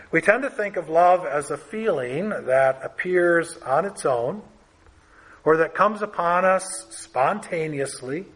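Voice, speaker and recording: A male preacher delivers his sermon at an unhurried, deliberate pace. His voice sits a little high for a man. He stresses points firmly, then lets the ends of his phrases drop to a soft hush. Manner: measured, emphatic, trailing off softly at phrase ends.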